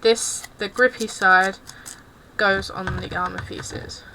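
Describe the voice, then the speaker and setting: A woman's voice: mid-range voice, fairly even intonation, slow, bright, forceful tone, a little hiss or hum, rough recording. A young English woman streaming while she crafts, chatting casually and awkwardly, apologising often. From England. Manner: self-consciously awkward and apologetic. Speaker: cosplay streamer.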